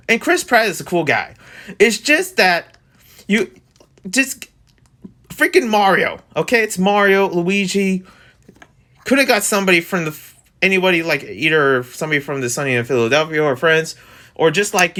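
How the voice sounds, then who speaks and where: A young man in his twenties hosting a casual commentary vlog, rambling and animated, his voice jumping up when exasperated. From New Jersey. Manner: rambling, animated, restarts and fillers, pitch jumps when exasperated. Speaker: vlog host.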